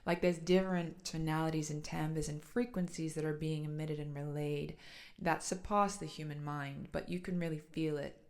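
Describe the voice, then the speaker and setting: A woman's voice: low voice, fairly even intonation, normal speed. A young adult woman talking casually about her spiritual practice, earnest and flowing, with many "like"s and "so"s. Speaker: light language channeler. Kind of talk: casual personal talk.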